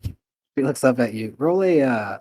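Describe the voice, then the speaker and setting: A man narrating a tabletop game as game master, calm and a little hesitant. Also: medium pitch, a little slow.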